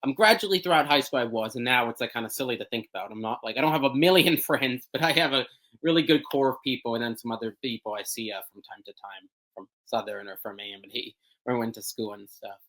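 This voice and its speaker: A young man talks through an interview at an ordinary pitch, pausing often and circling back as he hunts for the right words. His delivery is casual and halting, full of fillers. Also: fairly bright tone, rough recording. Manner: hesitant, many ums and restarts, searching for words. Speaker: podcast guest.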